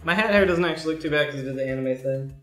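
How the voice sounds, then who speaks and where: A young man with a monotone voice chatting bluntly and profanely on a livestream, often clearing his throat. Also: a little high, racing, roomy sound, faint music behind. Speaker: streamer, school IT worker. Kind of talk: casual chat on a livestream.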